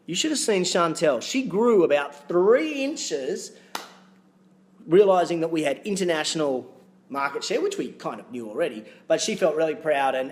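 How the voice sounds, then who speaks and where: An Australian man hosting his own video podcast as a fitness business coach, talking to camera in an upbeat, energetic, motivational way with punchy asides. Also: medium pitch.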